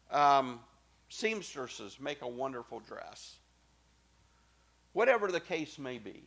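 Middle-aged guy pastor preaching, kinda high bright voice, goes quiet then punches loud. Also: gravelly. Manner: emphatic preaching, swinging from soft to loud. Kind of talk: sermon.

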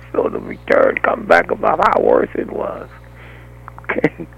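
An older man telling a long anecdotal story in an animated way, often breaking off with a rhetorical "huh?". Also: on the high side, slow pace, gravelly, husky, dull audio. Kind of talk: anecdotal monologue.

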